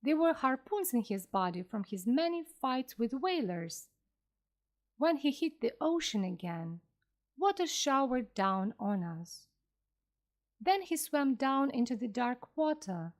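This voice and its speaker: A woman narrating a classic sea story slowly and clearly for English learners. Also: on the high side. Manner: clear, careful and expressive. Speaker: audiobook narrator.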